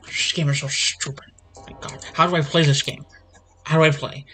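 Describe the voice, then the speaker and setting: A man's voice: on the high side, fairly even intonation, moderate pace, bright, forceful tone, faint music behind. A man at his computer desk giving playthrough commentary, getting more and more exasperated and ranting to himself as he plays. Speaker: gaming channel host. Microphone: desk microphone.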